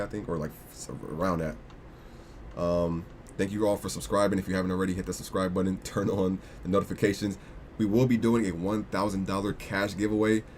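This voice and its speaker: A man's voice: deep voice, a little mellow, a little hiss or hum. A young man hosting a casual crypto livestream, rambling with lots of restarts and slangy asides.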